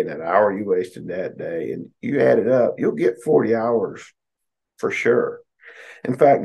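Middle-aged American man, low gravelly voice, folksy therapist host who ribs his listeners. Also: darkish tone. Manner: folksy, joking, talks straight to listeners. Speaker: psychotherapist podcast host. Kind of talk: casual advice monologue.

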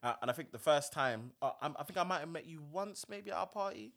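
A young man from hosting a podcast in casual chat, animated and laughing often, stammering through restarts. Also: a little high, fast, vocal fry. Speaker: podcast host.

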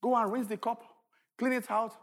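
A man preaching a sermon as pastor, shouting at the peaks and telling stories with a lively, swooping delivery. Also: very high voice, moderate pace.

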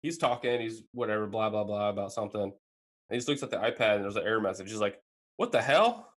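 A man in his thirties, chatting casually as a co-host, relaxed and filling his sentences with "like.". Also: fairly low pitch, fast talker. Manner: relaxed dad trading kid stories, trailing "like" fillers. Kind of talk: casual chat.

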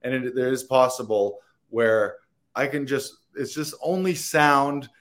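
A man's voice: medium pitch, steady tone, unhurried, fairly bright tone. A man, an actor, talking in a rambling, earnest and playful way in a casual interview, laughing and swearing now and then. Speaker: actor guest.

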